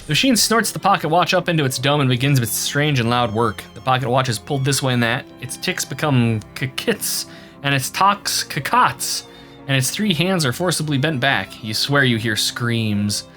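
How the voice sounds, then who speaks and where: Man, game streamer, reads game text aloud, lively swinging voice, playful. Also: medium pitch, moderate pace, faint music behind. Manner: animated, playful reactions. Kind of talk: gameplay commentary and reading game text aloud.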